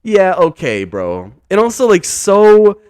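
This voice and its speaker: A man's voice: sits high, wildly swooping pitch, slow pace, a little mellow, clear, resonant tone, no echo, clean studio sound. A man hosting a casual podcast, rambling and exasperated, with lots of filler words and slang. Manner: rambling, heavy use of "like", "dude" and "bro"; incredulous, exasperated. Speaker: podcast host.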